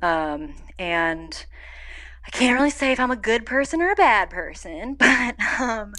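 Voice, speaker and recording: A young adult woman, an actor being interviewed, telling stories in a lively, casual way and acting out quoted lines. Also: unhurried. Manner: animated storytelling, acts out quotes with big pitch jumps. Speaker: actor guest.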